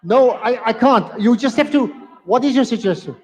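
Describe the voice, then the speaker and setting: Guy running a debate, high voice, keeps repeating himself, firm n a bit apologetic. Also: expressive, moderate pace. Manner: emphatic, repeats phrases, firm but apologetic. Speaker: debate moderator. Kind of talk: live debate moderation. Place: community centre hall, live event. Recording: long hall reverb.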